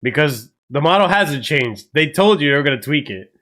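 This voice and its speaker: A man hosting a live football watchalong stream, excitable and swearing a lot, with loud outbursts at big moments. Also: fairly high pitch, moderate pace. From United States. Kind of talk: live match reaction stream.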